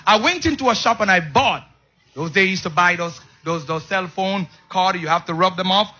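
A man preaching a sermon, calling out to the congregation and swinging between loud shouts and soft asides, often repeating words. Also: sits high, normal speed, husky, highs cut off. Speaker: pastor.

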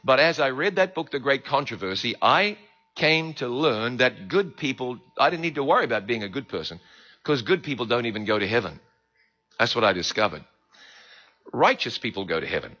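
A man with a New Zealand accent, a preacher telling his conversion story in an animated storytelling manner. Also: mid-range voice, fairly quick. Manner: animated, swings between hushed and loud. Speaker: preacher giving his testimony. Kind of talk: sermon storytelling. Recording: dull lo-fi recording.

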